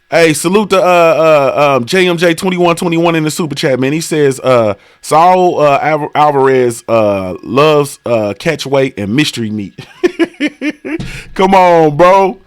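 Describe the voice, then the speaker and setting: A man's voice: a little high, moderate pace. A man hosting a casual boxing talk livestream, rambling and profane with heavy slang and constant "bro" and "you feel me.". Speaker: livestream sports talk host.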